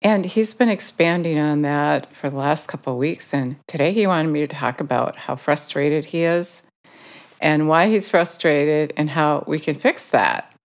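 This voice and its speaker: Low-voiced woman giving an informal sermon. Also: a little slow. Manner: conversational, self-correcting while quoting scripture. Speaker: Bible teacher.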